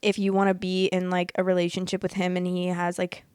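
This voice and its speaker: A woman in her late twenties hosting a podcast, chatting casually and reading posts aloud in a candid, excitable way, swearing freely. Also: on the low side, fairly quick, smooth, no room sound, clean studio sound. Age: late 20s. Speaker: podcast host reading Reddit stories.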